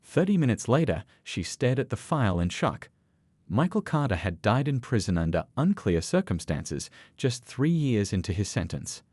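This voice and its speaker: A man's voice: lowish voice, big pitch swings, moderate pace, darkish tone, no room sound. A man narrating a dramatic story from a script.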